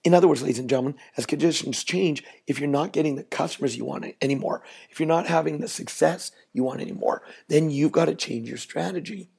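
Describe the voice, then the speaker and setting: A middle-aged man tells a casual story on his podcast. His voice is fairly high for a man, with a gravelly edge. The tone is mellow and a little husky, and he talks to listeners as "ladies and gentlemen" when he draws the moral. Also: fast talker, few pauses. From Canada. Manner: folksy, chatty storyteller who builds to a moral. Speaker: podcast host. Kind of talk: storytelling monologue with a business lesson.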